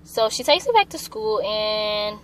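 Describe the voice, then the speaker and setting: A young woman vlogger telling a personal story casually, animated and profane, acting out what people said. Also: mid-range voice, unhurried, slight background noise. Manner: animated, profane, acts out quotes.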